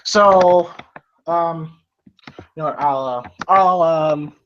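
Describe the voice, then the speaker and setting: Speaking slowly in a slightly high voice, a man hosts a laid-back movie review podcast. He meanders with plenty of fillers and restarts, laughing a lot, and the audio is dull and lo-fi with a faint hiss.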